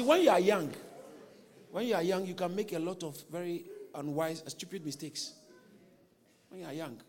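His voice is high with a darkish tone, and the church hall where he preaches makes it echo. This man, a pastor giving a sermon, tells an energetic story, repeats phrases, and puts questions to the congregation.

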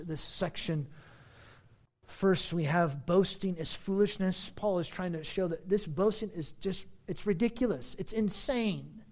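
A preacher giving a sermon, teaching in an emphatic, conversational way with frequent asides and a sarcastic edge. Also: mid-range voice.

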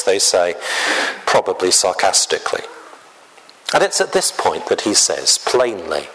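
A man preaching a sermon in a slow, deliberate way, often clearing his throat. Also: sits low, huge pitch swings, a bit bright, poor audio.

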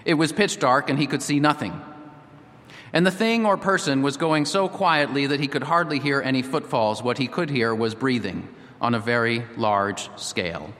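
A male pastor reads a story aloud and then turns to earnest, rhythmic appeals to his listeners. His voice sits at an ordinary pitch for a man. A long reverb trails after every phrase, as in a large hall. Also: moderate pace, fairly bright tone. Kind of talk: sermon with story reading.

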